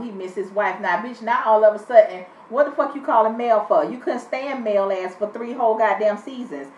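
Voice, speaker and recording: A high-pitched woman delivers a casual, blunt recap of a reality show episode. She swears constantly and talks with a sassy edge. Her voice comes from a distance in an echoey room, and it sounds muffled. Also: a little hiss or hum. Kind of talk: casual profane episode review.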